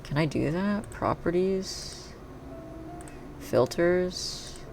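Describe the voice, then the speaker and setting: A streamer with a gravelly, creaky voice at a middling pitch, chatting casually while playing a game and thinking aloud. Faint music plays behind, with keyboard typing. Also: very slow. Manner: thinks aloud, chatty, bursts into excited cheering. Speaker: live streamer. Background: faint background music and keyboard typing.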